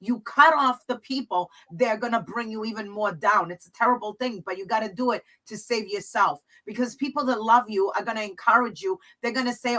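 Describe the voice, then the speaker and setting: A woman's voice: fairly high pitch, a little fast, few pauses, bright, forceful tone, rough recording. A woman hosting a talk show, speaking earnestly and from the heart as she shares her own story with her guest. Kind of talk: talk show conversation, personal testimony.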